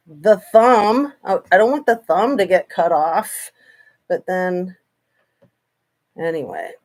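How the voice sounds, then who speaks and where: A woman hosting a casual true crime livestream, chatting in a rambling way with sarcastic asides. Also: mid-range voice.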